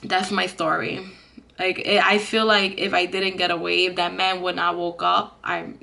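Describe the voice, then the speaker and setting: A woman's voice: on the low side, little pitch movement, moderate pace, vocal fry, sharp tone. A young woman telling a storytime vlog in an earnest way, full of "like" fillers. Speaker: vlogger.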